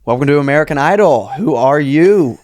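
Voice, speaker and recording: A hyped talent-show judge put on by a woman cheers the contestant along. The voice is extremely low for a woman. The judge's manner is eager and playful. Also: lively intonation, fairly quick, darkish tone.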